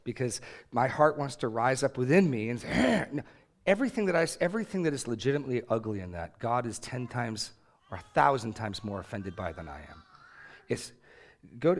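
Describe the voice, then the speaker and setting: A pastor in his thirties preaches a sermon earnestly and conversationally, rising with emphasis on key points. His medium-pitched voice is very animated and fairly quick.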